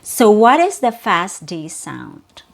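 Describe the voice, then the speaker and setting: A woman's voice: mid-range voice, huge pitch swings, takes it slowly, gravelly. A woman teaching English pronunciation, modeling each sound and repeating words carefully. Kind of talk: slow, clear pronunciation lesson.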